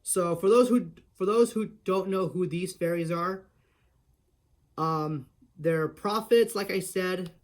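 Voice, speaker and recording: A man with a slightly raised pitch talks through a voice impression tutorial. He explains each step casually and often restarts his sentences. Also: takes it slowly.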